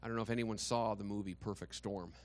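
A man's voice: fairly low pitch, steady tone, fast talker. A male pastor preaching a sermon in a conversational, dramatic storytelling manner with touches of humor.

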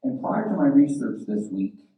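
A man preaching a sermon as pastor, building from quiet explanation to loud, impassioned calls to his church. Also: medium pitch, sing-song, moderate pace. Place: church sanctuary. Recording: echoey church from a distance.

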